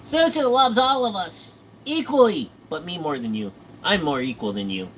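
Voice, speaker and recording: Man putting on a shrill cartoon character, squeaky, swooping, faint hum behind. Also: very animated, moderate pace, a bit bright, recorded from a distance. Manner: squeaky and exaggerated.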